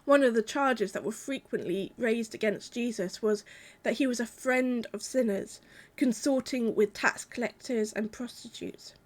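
Woman, preacher, calm measured sermon, reflective, slightly high-pitched.

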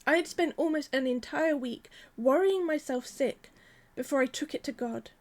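A woman, preaching a sermon in a gentle, measured, earnest way. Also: high-pitched.

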